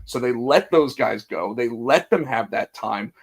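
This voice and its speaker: This man has an unhurried, mid-range voice with a breathy edge. Co-hosting a casual wrestling podcast, he tells the story energetically, acting out quotes and frequently starting his sentences over.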